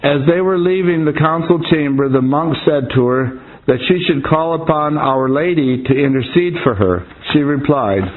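A man's voice: fairly high pitch, normal speed, hardly any pauses. Man reading aloud over a tinny line. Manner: earnest reading, breaking into casual asides. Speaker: reader and commentator. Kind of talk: reading a historical account aloud with asides. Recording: tinny phone-like audio with faint noise.

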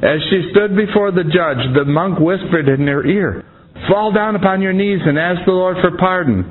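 A man reads an old historical account aloud in an earnest, steady way and now and then drops into casual asides. His voice sits slightly high. It comes through a thin, phone-like channel with a faint hiss. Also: normal speed. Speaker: reader and commentator. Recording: tinny phone-like audio with faint noise.

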